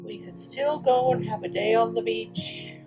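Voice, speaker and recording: A woman guides a class through affirmations and calming breaths, in an unhurried, encouraging way. Her voice has a slight gravelly fry and sits at a middle pitch. Soft music plays faintly behind her. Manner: gentle, slow, encouraging, with audible breaths. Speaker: yoga teacher.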